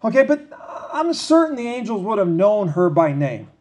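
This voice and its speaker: A man preaching a sermon, reading scripture slowly and then talking it through in a conversational, questioning way. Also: high voice, sing-song, a little mellow. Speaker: pastor.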